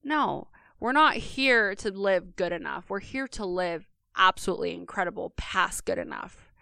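A woman's voice: medium pitch, lively intonation, normal speed, vocal fry, sharp tone, dry recording, clean studio sound. A woman co-hosting a podcast, talking earnestly and speaking straight to listeners in a casual monologue. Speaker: podcast co-host.

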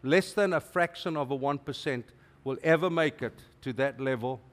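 A middle-aged man, preaching a sermon as a guest preacher in an animated, emphatic way with playful asides. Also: mid-range voice, moderate pace.

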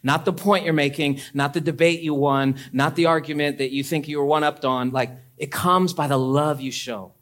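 A man's voice: on the high side, steady tone, normal speed, hardly any pauses, fairly bright tone. A young adult man preaching a sermon as a pastor, talking conversationally and swinging into emphatic, climbing peaks.

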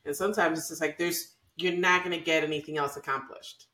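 A woman in casual podcast chat, sitting a bit low in pitch and laughing often as she tells her story. The sound carries a noticeable room echo. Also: steady tone, fairly quick, pushed and bright. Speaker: podcast co-host.

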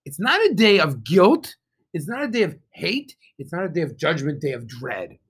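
A man, a rabbi, giving an animated sermon outdoors, often asking his listeners questions. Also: on the high side, normal speed, husky.

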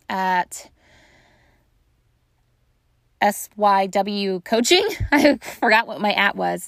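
A woman's voice: medium pitch, a bit bright, no room sound, clean studio sound. A young adult woman hosting a solo podcast on grief, talking casually and reassuringly straight to her listeners with many fillers. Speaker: podcast host and grief coach.

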